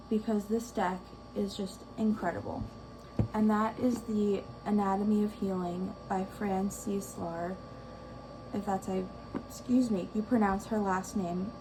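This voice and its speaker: A woman's voice: medium pitch, noisy background. A young woman chatting casually and enthusiastically as a tarot vlogger, gushing about things she loves. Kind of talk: casual chat.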